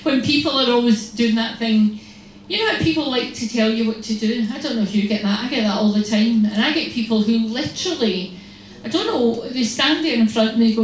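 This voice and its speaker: A religious sister giving a humorous, storytelling talk to an audience, acting out little exchanges. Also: female voice, on the high side, brisk. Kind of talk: lively faith talk to an audience. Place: large hall. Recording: echoey hall, distant mic, faint noise.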